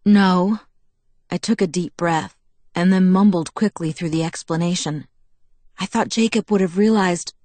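Female audiobook narrator, lowish voice, intimate first-person read, dry booth sound. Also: normal speed, dry recording. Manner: even, intimate storytelling.

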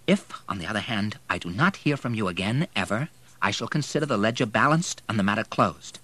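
A man voicing a furious, grieving young man who shouts and threatens. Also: fairly low pitch, animated, fairly quick. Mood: cold threatening. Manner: shouting through rage.

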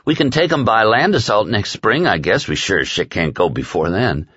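A man's voice: fairly low pitch, expressive, normal speed, a bit bright, slightly rough, dry recording, dull audio. A man reading aloud and voicing a crude, boozy male henchman who talks in a rambling, profane, folksy way. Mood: griping.

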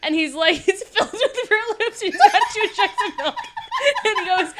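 A woman's voice: extremely high pitch, big pitch swings, normal speed, fairly bright tone, slight background noise. A young woman co-hosting a casual podcast chat, telling stories through frequent giggles. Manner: giggly, tells stories with lots of laughter. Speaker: podcast co-host.

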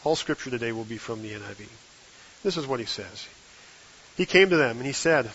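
A man preaches a sermon at an ordinary middle pitch, building his points steadily and leaning hard on the key phrases. The recording sounds a little dull and muffled, with a faint hiss under his voice. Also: lively intonation, fairly quick, pauses often, fairly bright tone. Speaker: guest preacher.

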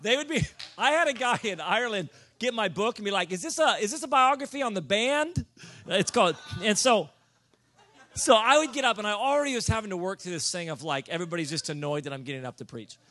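A man with a high, bright-toned voice preaches to a room. He tells self-mocking stories in an animated way and breaks into loud comic shouts. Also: fast. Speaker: pastor. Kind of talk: sermon storytelling. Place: church or conference room.

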